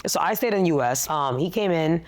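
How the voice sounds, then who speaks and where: A young woman telling a personal story in a therapy session, animated and blunt, swearing freely. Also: deep voice, fairly quick. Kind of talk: casual storytelling.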